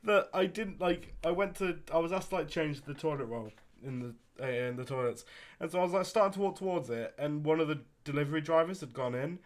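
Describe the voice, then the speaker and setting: A man's voice: a little high, a little fast. A young man hosting a podcast in casual chat, rambling through stories and breaking into laughter. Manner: laughing, rambling storyteller with crude jokes. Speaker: podcast host.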